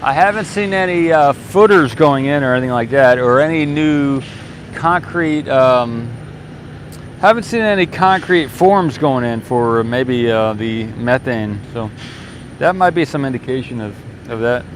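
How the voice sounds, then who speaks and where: A man's voice: mid-range voice, expressive, measured pace, a little hiss or hum. A man live streaming outdoors at a launch site gate, reading viewer comments aloud and answering them. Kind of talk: casual live-stream chat. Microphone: handheld mic.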